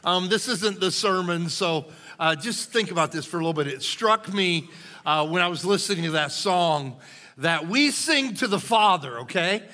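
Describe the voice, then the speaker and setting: Folksy, bright-voiced man preaching. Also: sits high, animated, normal speed. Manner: folksy, conversational, storytelling. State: hoarse. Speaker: lead pastor. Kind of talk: sermon. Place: church sanctuary. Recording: long reverb of a church hall.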